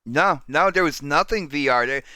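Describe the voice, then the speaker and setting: A man's voice: on the high side, moderate pace, no room sound. A man hosting a casual podcast panel, teasing his guests and calling them dude and man. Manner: excitable, teasing, calls people dude and man. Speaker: podcast host.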